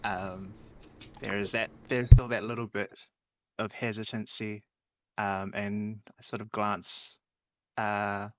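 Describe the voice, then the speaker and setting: A man playing a tabletop role-playing game, describing his character's actions gravely with many hesitant fillers. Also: on the low side, little pitch movement, takes it slowly, no echo, rough recording. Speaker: player.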